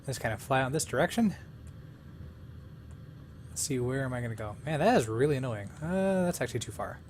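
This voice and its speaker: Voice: medium pitch, animated, fairly quick, a little mellow, a little hiss or hum. Chatty let's-play host thinking aloud. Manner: thinks aloud, talks to the game and items; playful, self-mocking asides. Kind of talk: casual gameplay commentary.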